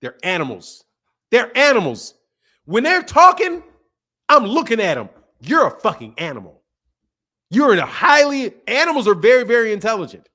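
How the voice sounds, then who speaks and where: A young adult man hosting a boxing livestream, ranting emphatically and profanely, repeating himself and swinging between loud outbursts and quiet mutters. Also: extremely high pitch, huge pitch swings, moderate pace, long pauses. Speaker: boxing channel host. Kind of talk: heated livestream rant.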